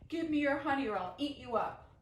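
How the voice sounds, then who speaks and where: A woman voicing a big, lost male bear from a storybook who roars threats and then turns sad and gentle. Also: high-pitched, expressive, fairly quick, voice pushed up. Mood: roaring. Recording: roomy, distant mic, faint noise.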